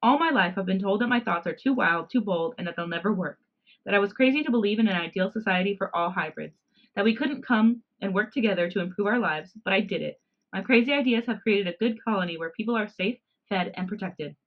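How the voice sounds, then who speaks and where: A woman's voice: mid-range voice, fairly quick, muffled recording, lightly acted. Woman doing a proud, scheming cat hybrid leader. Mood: cold, proud. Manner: cool, calculating, lecturing.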